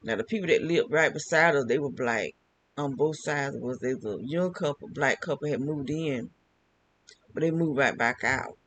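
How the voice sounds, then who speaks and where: Older man, casual monologue, rambling, repetitive, slightly high voice, faint hiss. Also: animated, moderate pace, fairly bright tone, rough recording. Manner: rambling, repeats phrases, restarts. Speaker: vlogger.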